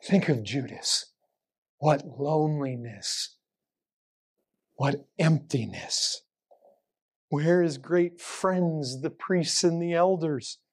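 A man preaching a sermon, full of rhetorical questions and swinging between raised, urgent lines and low, hushed ones. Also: slow pace, long pauses, breathy edge.

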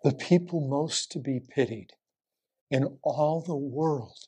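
A man takes his time preaching, his voice carrying a breathy edge. The sermon is heavy on rhetorical questions and alternates between loud urgency and low whispers.

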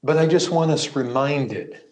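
A male preacher delivers his sermon at an unhurried, measured pace. His voice sits a little high for a man. He leans hard into emphatic lines, then drops to hushed asides. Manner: emphatic, swings between loud cries and hushed asides.

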